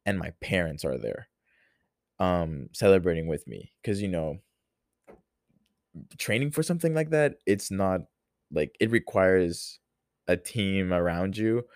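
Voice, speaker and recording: A young man with a very low voice talks through his thoughts on a solo podcast. He rambles and restarts often, reflective and unhurried. The recording is close and completely dry. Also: darkish tone, no room sound. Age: young adult. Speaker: podcast host. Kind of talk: casual solo podcast chat.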